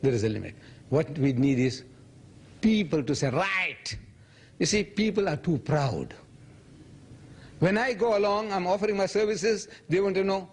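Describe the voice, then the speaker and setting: A man's voice: a little high, moderate pace. A man in his seventies answering audience questions at a public lecture, telling stories and acting out other people's lines. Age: 70s. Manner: animated storytelling, quoting others in raised voice.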